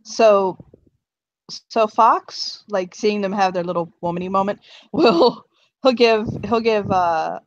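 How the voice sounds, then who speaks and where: A woman's voice: medium pitch, takes it slowly, lo-fi sound. A woman playing a tabletop game, casually narrating her character's actions with lots of restarts, giggles and the odd swear. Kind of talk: casual role-play narration.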